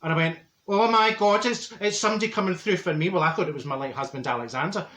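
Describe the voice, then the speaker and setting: A man's voice: sits high, fast, fairly bright tone. A man playing a brash, chatty woman from Glasgow with a Glaswegian accent, telling a comic story with lots of stumbles and repeated words. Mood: gossipy. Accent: Glaswegian Scottish. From Glasgow, Scotland. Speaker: comedy character. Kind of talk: comic monologue. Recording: roomy echo.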